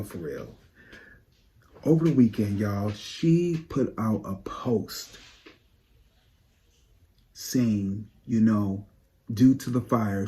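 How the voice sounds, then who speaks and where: A man giving sassy, profane gossip commentary to his viewers, dropping to low mutters and jumping up to high exclaims. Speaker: psychic tarot channel host.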